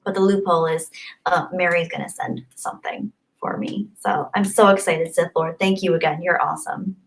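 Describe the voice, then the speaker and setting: A young woman hosting a casual livestream, reading super chats and thanking viewers. She gushes and gets excited, and she thinks aloud as she scrolls the chat. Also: on the low side, normal speed, gravelly. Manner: bubbly, gushing and excitable. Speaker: livestream host.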